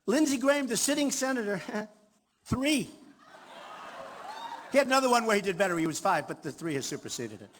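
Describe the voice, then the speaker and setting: A man's voice: sits high, expressive, fairly quick, long pauses, a bit bright, slight background noise. A man in his sixties giving an off-the-cuff campaign rally speech, boastful and repetitive. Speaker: candidate at a rally. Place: large hall before a crowd. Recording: reverberant hall, faint ambience.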